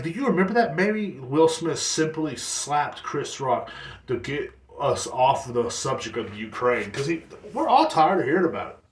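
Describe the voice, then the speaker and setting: A man hosting his own podcast, ranting casually with lots of swearing and "like" fillers. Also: medium pitch. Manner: profane, rambling, heavy on "like" fillers. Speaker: podcast host. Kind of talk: casual solo podcast rant. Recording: echoey room.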